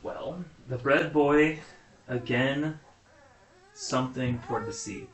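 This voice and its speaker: A man student in a language class, haltingly sounding out a line of text. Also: fairly high pitch, wildly swooping pitch, roomy sound, recorded from a distance, poor audio. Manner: halting, sounds out words slowly.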